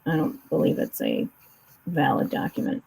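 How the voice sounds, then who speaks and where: A woman's voice: low-pitched, wildly swooping pitch, normal speed, gravelly, a little mellow, slightly rough, low-quality recording. A woman chatting casually on a remote call, explaining finance at length with frequent restarts and fillers. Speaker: co-host discussing a court case.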